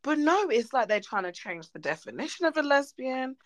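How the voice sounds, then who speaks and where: A woman's voice: high-pitched, very animated, fairly quick, no echo, rough recording. A woman co-hosting a podcast, talking bluntly and animatedly and swearing freely. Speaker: podcast co-host. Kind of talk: casual chat.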